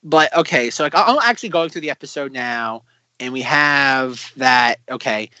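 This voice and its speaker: A man co-hosting a podcast, chatting casually about a sketch show, animated and full of fillers. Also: medium pitch, moderate pace, dry recording, dull audio. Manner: animated, acts out quotes, many fillers. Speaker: podcast co-host. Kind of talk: casual chat reviewing a sketch comedy show.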